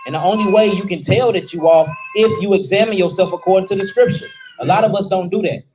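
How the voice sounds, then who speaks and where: A man's voice: high-pitched, fast, noisy background. A man preaching a sermon, calling out questions to his listeners in informal dialect speech. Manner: calls out questions and answers to the room. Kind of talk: sermon teaching.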